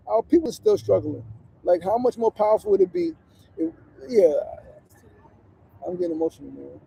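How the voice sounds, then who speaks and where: A man's voice: high-pitched, creaky, warm tone, breathy edge, no room sound, poor audio. A man talking outdoors on a street corner during a casual livestream. He speaks in an earnest, emotional way and swears often. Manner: earnest, emotional, profane and conversational. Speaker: livestream host and community organizer. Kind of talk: casual motivational livestream talk.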